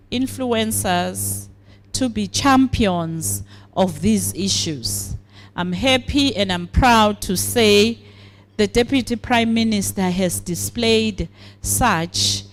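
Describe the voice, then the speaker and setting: A woman with a Swazi accent giving a formal speech at a program launch, deliberate and pausing often. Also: medium pitch, slight background noise. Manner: deliberate, with frequent hesitations. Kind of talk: formal speech mixing English and siSwati.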